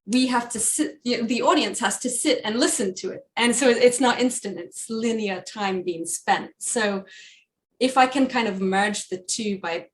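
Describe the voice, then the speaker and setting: A woman's voice: on the high side, a little slow. A woman from Australia with an Australian accent, a composer chatting casually in an interview, laughing often and filling with ums. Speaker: composer guest.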